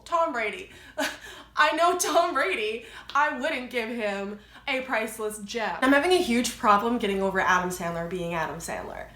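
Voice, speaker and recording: A woman's voice: fairly high pitch, a bit bright. A young adult woman vlogging a casual movie review, chatty and rambling, with lots of filler words. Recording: echoey room.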